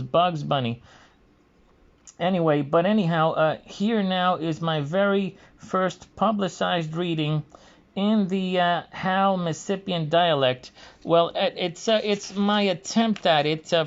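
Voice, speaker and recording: Halting man with a dull lo-fi sound. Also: on the high side. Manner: halting, hesitant, frequent pauses. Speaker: video creator. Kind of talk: casual monologue to camera. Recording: dull lo-fi recording.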